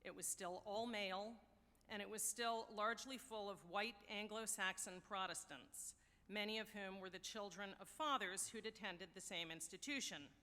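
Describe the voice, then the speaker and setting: An American woman, a university official, giving a wry, measured ceremonial address at a podium in a large hall. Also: mid-range voice, pushed and bright. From United States. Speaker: university deputy provost. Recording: long hall reverb.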